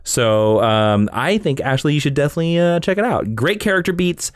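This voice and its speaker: A man's voice: on the high side, lively intonation, a little fast, dry recording, clean studio sound. A man hosting a casual comic-book podcast, talking with enthusiasm and acting out character quotes. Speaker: podcast host.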